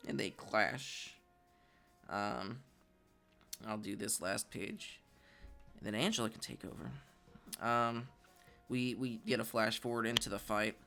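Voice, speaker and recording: A man's voice: mid-range voice, gravelly, fairly bright tone, clear, resonant tone. A man co-hosting a podcast, casually recapping a comic chapter and reading out its dialogue, with many hesitant ums and uhs. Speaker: podcast co-host.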